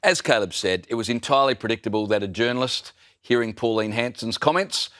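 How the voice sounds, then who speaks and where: Man, panelist, sardonic, dry delivery, mid-pitched, no room echo. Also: brisk, fairly bright tone. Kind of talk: panel discussion.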